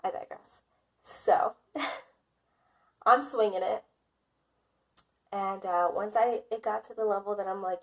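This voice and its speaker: A woman's voice: mid-range voice, steady tone, takes it slowly, pauses often. A woman vlogger telling a casual storytime, dramatic and self-mocking, often laughing.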